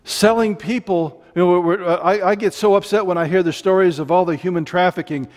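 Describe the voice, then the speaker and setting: Fairly quick and a little mellow, with fairly even intonation, a middle-aged preacher with an Ozarks drawl works through a heated, meandering sermon full of jokes. His pitch is notably high for a man, and long reverb rings after each phrase.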